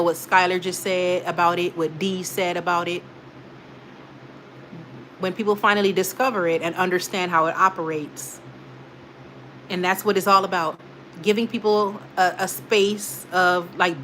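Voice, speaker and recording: A young woman with a lowish, slightly bright voice hosts a casual livestream, chatting directly with viewers and reading their live comments. She rambles, leaning on filler words, and a faint hiss or hum sits under the audio.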